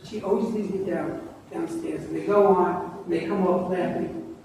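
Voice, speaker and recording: An older man, telling a class a folksy, animated story about his own fears. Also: high voice, moderate pace, gravelly. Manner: animated, folksy, self-mocking. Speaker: guest lecturer. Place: large lecture hall. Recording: echoey lecture hall from far off, faint noise.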